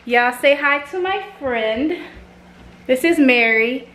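A woman's voice: sits high, animated, takes it slowly, a bit bright, a little hiss or hum. A young woman vlogging casually from her home kitchen, chatting to herself as she cooks. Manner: chatty, talks to herself while cooking. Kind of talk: casual cooking vlog chat.

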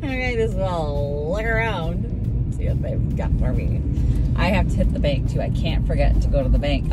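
A middle-aged woman from Minnesota, chatting in a rambling way on her own vlog and laughing often. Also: lowish voice. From Minnesota, USA. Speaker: vlogger. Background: background music.

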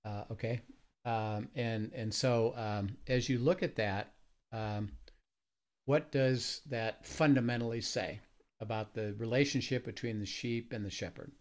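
A man hosting a conversational Bible teaching, talking with many pauses and fillers. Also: mid-range voice, steady tone. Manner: halting, many fillers and restarts. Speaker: ministry host.

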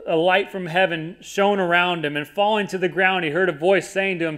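Conversational preacher, higher-pitched. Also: male voice, fairly even intonation, brisk, hardly any pauses, a bit bright. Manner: conversational, reads scripture aloud and paraphrases it. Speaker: pastor. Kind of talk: sermon, Bible teaching.

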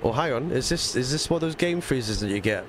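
A man's voice: medium pitch, lively intonation, fairly quick, background noise. A man with a mixed English and Scottish accent streaming a racing game live, chatting casually to his viewers with lots of fillers. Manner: chatty, rambling, talks to chat with fillers. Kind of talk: live gaming stream chat.

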